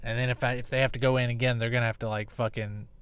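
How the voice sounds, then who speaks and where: A man's voice: medium pitch, little pitch movement, racing, fairly bright tone, clean tone, dry recording. A man in his thirties hosting a casual solo podcast, rambling and swearing freely. He speaks close into a handheld recorder with no windscreen, so the sound is hot and poppy. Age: 30s. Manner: rambling, profane, jokey. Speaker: podcast host. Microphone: close to a handheld recorder without a windscreen, hot and poppy.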